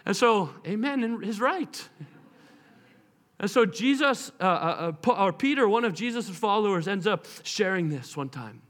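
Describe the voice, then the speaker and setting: Male preacher, sermon, dramatic storytelling, high voice, stretched-out emphatic words. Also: lively intonation, normal speed, a bit bright. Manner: dramatic, acts out voices of people and Jesus in the story.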